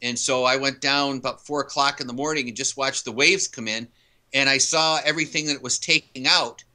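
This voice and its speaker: Bright, forceful man telling stories. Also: medium pitch, fairly even intonation, a little fast. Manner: storytelling, earnest and emphatic. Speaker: author and youth coach, interview guest. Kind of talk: casual interview conversation.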